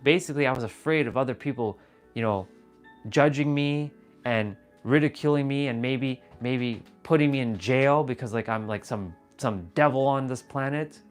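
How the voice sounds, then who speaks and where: A man's voice: mid-range voice, moderate pace, soft background music. Earnest swearing man on a live stream. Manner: earnest, swearing, repeats himself, addresses chat viewers as brother. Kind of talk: casual spiritual live stream talk.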